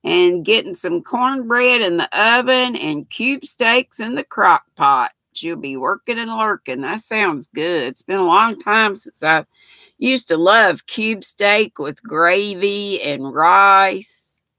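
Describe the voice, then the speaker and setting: A woman's voice: medium pitch, lively intonation, slow, pushed and bright, dry recording. An older woman hosting a casual livestream, chatting homely and reading out viewers' comments as she greets them by name. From North Carolina, US. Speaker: livestream host.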